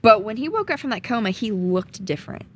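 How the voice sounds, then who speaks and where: A woman's voice: fairly high pitch, expressive, brisk, slight background noise. A young woman with a slight Southern accent, telling her story as a podcast guest in an earnest, chatty way with frequent ums. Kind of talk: casual storytelling chat.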